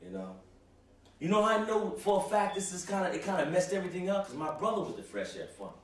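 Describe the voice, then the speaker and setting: A young man hosts a rambling comic rant to camera, stumbling, repeating himself and saying "you know" constantly. His voice is high-pitched, very animated and fast. He sounds far from the mic in a very echoey room.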